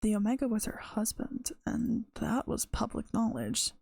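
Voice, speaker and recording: A woman's voice: fairly high pitch, sing-song, moderate pace, vocal fry, a little mellow, no room sound. A tired woman streamer reading her own story aloud, correcting herself as she goes. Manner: unpolished reading with self-corrections. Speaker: streamer and writer.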